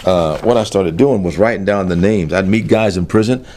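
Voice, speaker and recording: A middle-aged man giving a personal testimony in an interview, earnest and halting, dropping quiet at the heavy moments. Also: deep voice. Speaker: interview guest.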